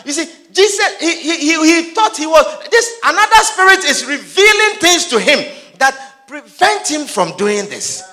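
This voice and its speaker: A man preaching a sermon, emphatic and sing-song, swinging from soft asides to shouted peaks, with repeated call-and-response. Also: very high-pitched, very animated, moderate pace. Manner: repetitive call-and-response style.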